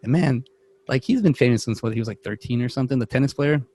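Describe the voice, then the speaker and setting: A man's voice: mid-range voice, fast, a little mellow, slight background noise. A young man, co-host of a podcast, telling rambling stories in casual chat and acting out the voices of people he quotes. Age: young adult.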